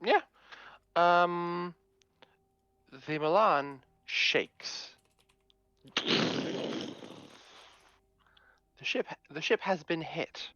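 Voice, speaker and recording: A man's voice: sits high, bright, forceful tone, no room sound. A man narrates a tabletop game as game master, stumbling through fillers and restarts. His voice comes through a dull, dry, muffled mic, as on an online call. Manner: halting, with many fillers and restarts.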